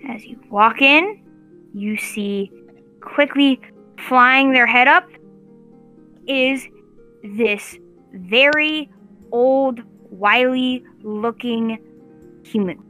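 A woman's voice: on the high side, very slow, long pauses, bright, forceful tone, soft background music. A woman running a tabletop game as game master, narrating in a rambling way with many likes and uhs.

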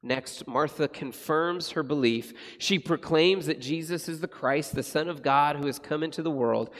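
A man preaching a sermon, earnest and reflective, slowing and softening his voice on the solemn passages. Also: fairly high pitch, in a large hall. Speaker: pastor.

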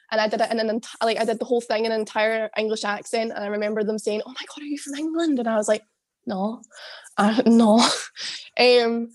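A young Scottish woman, a former drama student, in a rambling casual chat, laughing often and swearing. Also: on the high side. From Scotland. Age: young adult.

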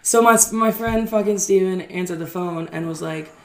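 A young woman co-hosting a podcast, telling a story in a casual, animated and profane way while acting out what people said. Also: lowish voice, moderate pace. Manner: animated, profane, acts out quotes. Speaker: podcast co-host.

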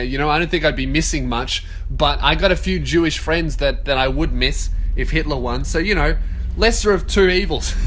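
Young male podcaster, somewhat high voice, profane, rambling, self-amused. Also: fairly bright tone, a little hiss or hum. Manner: profane, rambling, laughs at own jokes. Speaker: podcast host. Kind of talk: casual solo podcast rant.

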